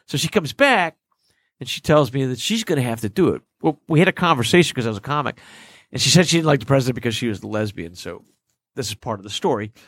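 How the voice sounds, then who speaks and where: A man, a stand-up comedian, telling stories in a casual interview, lively and jokey, acting out voices and laughing often. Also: mid-range voice, fast talker, breathy edge, no room sound. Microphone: studio microphone and headphones.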